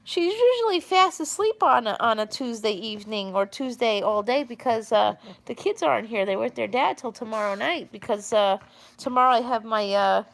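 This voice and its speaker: A woman's voice: fairly high pitch, normal speed, vocal fry. A woman chatting casually on a live stream, rambling with many fillers and restarts. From New York.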